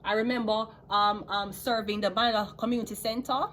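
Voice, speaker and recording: A woman's voice: mid-range voice, fairly even intonation, a little fast, a bit bright, slight background noise. A woman with a Jamaican accent ranting heatedly to her viewers, profane and switching between patois and standard English. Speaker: vlogger. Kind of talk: unscripted rant to viewers.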